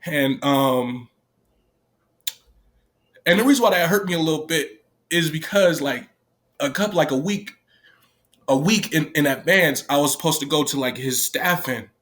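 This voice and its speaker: A man giving a candid personal account of his time as a youth detention worker, halting and restarting often and swearing freely. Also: medium pitch, a bit bright. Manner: profane, halting speech with many restarts.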